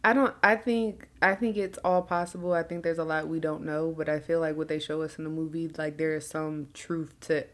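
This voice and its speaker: A woman's voice: sits low, fairly even intonation, brisk, few pauses, fairly bright tone. A woman co-hosting a podcast, speaking earnestly and carefully explaining and qualifying her points in casual chat. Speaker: podcast co-host.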